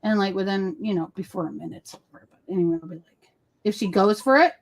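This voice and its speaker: A fast-talking woman of medium pitch co-hosts a laid-back crafting livestream, chatting and sharing stories over video call while often cooing at her dog in baby talk.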